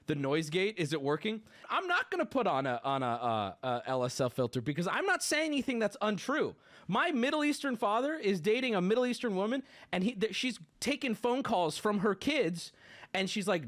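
In a high, very animated voice at moderate pace, a livestream host in his late twenties rants indignantly and swears throughout his casual stream.

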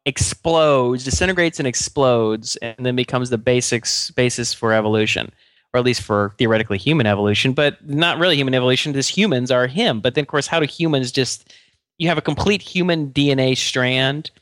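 A man co-hosting a podcast in casual chat, talking haltingly with stammered restarts. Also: medium pitch, a bit bright, no room sound, studio quality. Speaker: podcast co-host.

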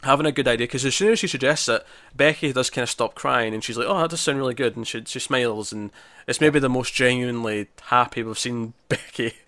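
A man's voice: medium pitch, fairly even intonation, brisk, pushed and bright, dry recording. Guy rambling about an episode with his mate, dry close mic. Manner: chatty, lots of fillers and acted-out quotes. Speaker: podcast co-host. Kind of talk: casual chat recapping a TV episode.

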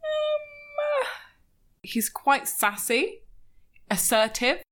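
A woman's voice: very high-pitched, huge pitch swings, extremely slow, fairly bright tone. A young adult woman chatting as a podcast guest, telling candid stories full of quoted asides. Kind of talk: casual chat.

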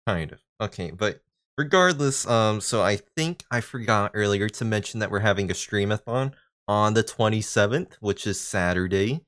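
A man's voice: lowish voice, normal speed, a bit bright, no echo, clean studio sound. A man who organizes the group, chatting casually and making laid-back event announcements. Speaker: community organizer.

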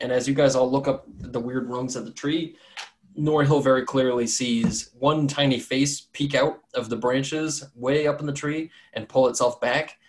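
A male game master describes scenes in a loose, rambling way, full of jokes and asides. His voice sits at an ordinary middle pitch. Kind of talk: narrating a tabletop game.

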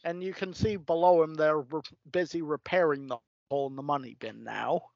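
A man's voice: on the high side, steady tone, a little fast, creaky, a little mellow, no room sound. Laid-back man on a dry lo-fi mic. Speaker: podcast co-host. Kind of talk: casual chat. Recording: dry dull lo-fi audio.

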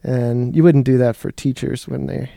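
A man's voice: mid-range voice, fairly even intonation, moderate pace, vocal fry, warm tone, no echo, studio quality. A man, a Catholic deacon co-hosting a podcast, speaking candidly in casual talk, often with short agreeing replies.

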